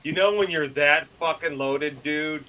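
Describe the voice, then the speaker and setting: A man telling stories as a guest in a casual interview, loud, profane and animated, slipping into other people's voices. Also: on the high side, unhurried, low-quality recording. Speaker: podcast guest and publisher.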